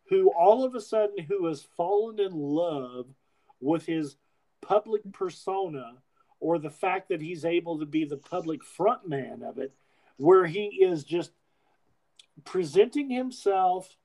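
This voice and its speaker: A man's voice: a little high, warm tone, low-quality recording. A man hosting a podcast in casual chat, rambling with frequent restarts and swearing freely. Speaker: podcast host.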